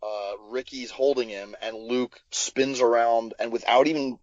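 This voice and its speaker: A man's voice: medium pitch, measured pace, no echo, dull audio. A man, a film director guest on a podcast interview, describing how he shot scenes, with plenty of fillers and restarts. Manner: animated storyteller, many fillers and restarts.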